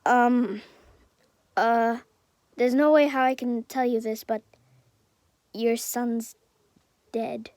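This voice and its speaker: A woman's voice: on the high side, steady tone, darkish tone, dry recording, clean studio sound. A woman voicing an awkward doctor who halts and stumbles with fillers while giving bad news. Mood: halting. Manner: halting, full of fillers.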